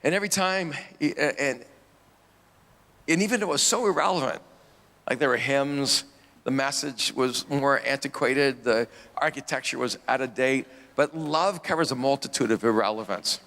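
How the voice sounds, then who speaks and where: Gravelly man telling a story in a hall. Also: medium pitch, moderate pace, fairly bright tone. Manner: rambling, many restarts, laughs at himself. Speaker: pastor, interview guest. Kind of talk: storytelling in an interview.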